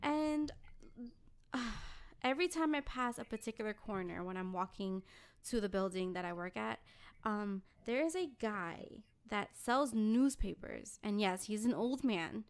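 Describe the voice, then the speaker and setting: A young woman co-hosting a podcast, telling a story in a blunt, animated, profane way. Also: medium pitch, a little slow, clean tone. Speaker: podcast co-host. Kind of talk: casual podcast chat.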